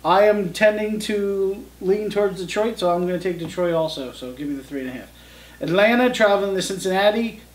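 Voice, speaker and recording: A man's voice: high-pitched, fairly quick, echoey room, far from the mic. A man co-hosting a casual football betting chat, reading out each matchup and spread like an announcer. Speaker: co-host of a sports picks show.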